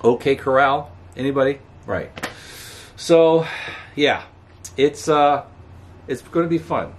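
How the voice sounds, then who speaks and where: A man's voice: medium pitch, expressive, slow pace. A man vlogging outdoors by a road, rambling casually to camera with chuckles. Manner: rambling, chatty, chuckling, talks back to passing traffic. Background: faint outdoor ambience, passing cars.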